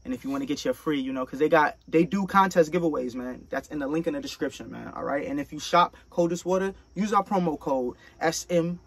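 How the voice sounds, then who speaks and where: A man's voice: fairly high pitch, brisk, few pauses. A man co-hosting a music reaction video at home, joking around in casual chat and now and then putting on a silly accent. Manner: playful, puts on a joking accent. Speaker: co-host of a reaction channel.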